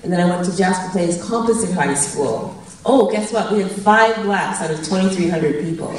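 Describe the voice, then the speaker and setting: A woman's voice: on the low side, normal speed, slight background noise. Woman speaking in an echoey hall. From Canada. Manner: chatty and anecdotal, laughing at her own jokes. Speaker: guest speaker. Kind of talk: public storytelling speech. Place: large event hall. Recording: very echoey hall from a distant mic.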